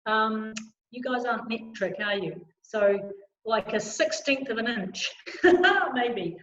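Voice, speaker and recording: High-voiced woman coaching a choir. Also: animated, takes it slowly. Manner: encouraging, demonstrates sounds loudly. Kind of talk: online vocal warm-up lesson. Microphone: video call. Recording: roomy, slightly dull video call audio.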